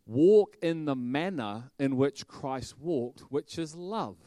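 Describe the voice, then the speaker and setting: Brief: male preacher, animated sermon delivery, dry close sound. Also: on the high side, slow pace, no room sound. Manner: animated, bursts into loud shouting and laughter.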